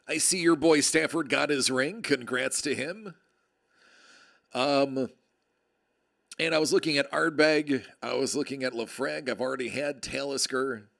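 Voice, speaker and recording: A man's voice: medium pitch, measured pace, vocal fry, a bit bright. A man hosting a card break livestream, chatting casually and joking with viewers in a rambling way. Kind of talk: casual chat.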